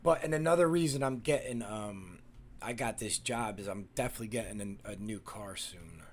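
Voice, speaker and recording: A low-voiced man chats loosely on a live stream, swearing often and stopping to restart his sentences. Faint noise sits under his voice. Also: fairly quick. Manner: rambling, profane, many fillers and restarts. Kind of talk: casual chat with viewers.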